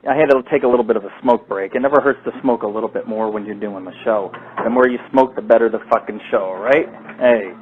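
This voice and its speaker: A man's voice: mid-range voice, a little hiss or hum. A man hosting a radio show, rambling and swearing constantly in a casual monologue. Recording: tinny phone-like sound.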